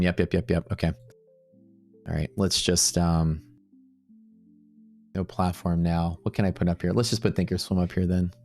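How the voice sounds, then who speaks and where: A man's voice: sits low, darkish tone. A man hosting a live day-trading stream, talking loosely and rambling, with some casual swearing. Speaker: day-trading livestream host.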